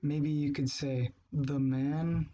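A man gives a patient grammar lesson, saying his example phrases slowly and repeating them. His voice is soft and mellow, and his pace is unhurried. The recording sounds dull and lo-fi. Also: a little high, flat delivery, slight background noise. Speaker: language teacher. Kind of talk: explaining grammar step by step.

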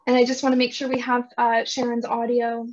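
A woman's voice: on the high side, monotone, fairly quick, a little mellow, a little hiss or hum. A woman moderating a virtual summit over a video call, gracious and hesitant, with many uh fillers. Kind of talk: hosting a virtual event. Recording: dull lo-fi call audio.

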